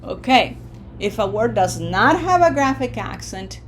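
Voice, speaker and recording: Very animated and speaking at a medium pitch, a Spanish teacher delivers a recorded online language lesson with a little hiss or hum in the background. She explains rules patiently, checks in often with "okay?", and slows to stress example words when modeling pronunciation.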